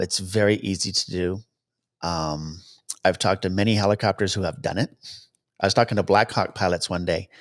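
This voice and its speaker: A low-voiced man, a helicopter cameraman appearing as a guest, tells aviation stories in a casual storytelling interview. He is anecdotal and acts out quoted dialogue with lively jumps in pitch.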